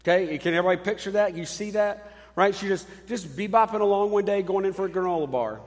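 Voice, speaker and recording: A man in his thirties, a pastor, preaching a sermon in a conversational, animated way with casual asides. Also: high-pitched, quick pace, big-room sound.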